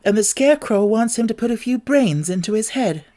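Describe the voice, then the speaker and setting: A man's voice: high voice, lively intonation, a little fast, mellow, voice pushed up. A man voicing a kind, curious young girl who asks timid, earnest questions.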